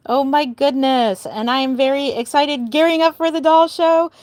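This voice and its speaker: A woman's voice: sits high, fairly even intonation, moderate pace, a little mellow, dry recording, clean studio sound. Chatty older woman live streaming. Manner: chatty, bubbly, giggly, greeting viewers. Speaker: doll artist live streamer. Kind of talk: casual live stream chat.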